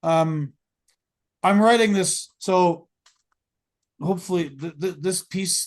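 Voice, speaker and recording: A man's voice: medium pitch, vocal fry, a little mellow. A man hosting a podcast, talking casually in long, rambling runs full of fillers and restarts. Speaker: podcast host.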